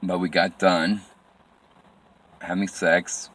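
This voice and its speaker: A man telling a personal story from his life in plain, halting phrases with frequent restarts and repetition. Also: low-pitched, flat delivery, a bit bright.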